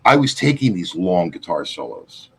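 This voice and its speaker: A man's voice: deep voice, very animated, normal speed, vocal fry, slightly rough. A man in his fifties, a guitarist co-hosting a podcast, telling loose, profane, rambling stories in casual chat. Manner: loose, profane, rambling anecdotes with acted-out quotes.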